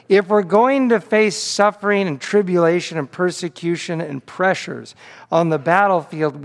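A man's voice: high voice, vocal fry, big-room sound. A man pastor delivering a sermon, telling a story with frequent repeated words on restarts.

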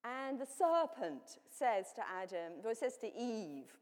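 A woman preaching, her voice fairly high and mellow as it rings through a long-reverb hall. She teaches plainly, pausing and correcting herself as she goes. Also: big pitch swings. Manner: plain, explanatory teaching with frequent self-corrections. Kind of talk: sermon.

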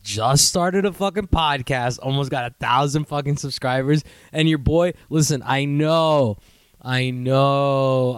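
A young man hosting his own podcast, ranting in a profane, rambling, self-mocking way and sometimes doing mocking high voices. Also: smooth, no echo, clean studio sound. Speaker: podcast host. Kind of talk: casual solo podcast rant.

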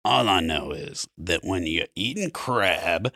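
Male podcast guest from Maryland, fairly low but bright voice, dry sound, riffing comic. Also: animated, takes it slowly, creaky, dry recording. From Maryland, USA. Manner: playful, riffing comic rants. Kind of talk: casual chat.

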